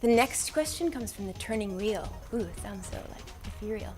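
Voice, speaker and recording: A woman's voice: mid-range voice, expressive, normal speed, darkish tone, soft background music. A woman hosting an interview in a chatty, playful way. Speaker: host.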